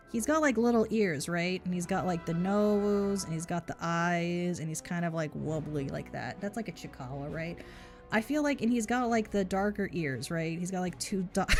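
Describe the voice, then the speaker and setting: A woman streaming a game live, chatting casually in a joking, rambling, mock-boastful way. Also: fairly low pitch.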